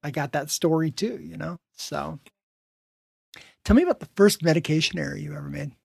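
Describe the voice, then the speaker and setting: A man's voice: fairly high pitch, a little fast, gravelly, a little mellow, slightly rough, dry recording, clean studio sound. A man hosting a podcast interview, telling stories in a casual chat with lots of fillers and restarts. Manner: storytelling with many fillers and restarts. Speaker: podcast host.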